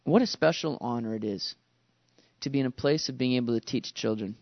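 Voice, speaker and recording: A man's voice: mid-range voice, brisk, vocal fry, dry recording, dull audio. A man preaching a sermon as a pastor, conversational and storytelling, often repeating words.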